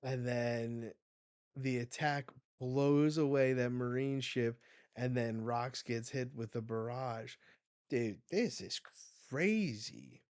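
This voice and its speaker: A man hosting a live manga reaction, retelling the chapter excitedly and swearing as he goes. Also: mid-range voice, slow, no room sound.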